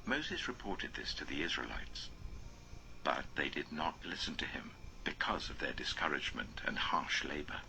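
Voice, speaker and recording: Very deep, gravelly man reading solemnly. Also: sing-song, pushed and bright, slight background noise, poor audio. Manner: slow solemn reading, drops to near whisper. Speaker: father reading aloud. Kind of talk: reading scripture aloud.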